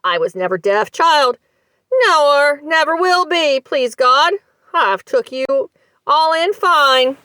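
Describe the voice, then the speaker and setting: A woman's voice: high-pitched, expressive, slow, sharp tone, dry recording, pitched above the performer's own voice, heavily acted. A woman voicing a sly old country woman who has faked deafness for years, speaking in a chuckling rustic dialect. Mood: sly, amused.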